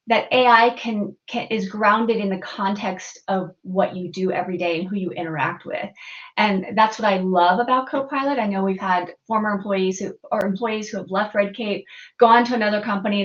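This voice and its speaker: A woman's voice: medium pitch, dull audio. A woman hosting a live online training session, upbeat and chatty, often restarting her sentences as she explains. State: out of breath. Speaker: host. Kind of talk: live webinar presentation.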